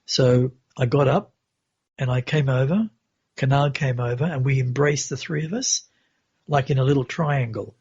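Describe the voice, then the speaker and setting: A man who is a podcast guest, recounting a personal spiritual experience in an earnest, unhurried way on a dull, lo-fi recording. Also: medium pitch, a little mellow, slightly rough.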